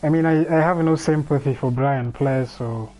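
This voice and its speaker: Mellow-voiced man rambling on a stream. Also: on the high side, normal speed, highs cut off, soft background music. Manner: rambling, thinking aloud with many restarts. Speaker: livestream host. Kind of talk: casual livestream chat. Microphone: streaming microphone.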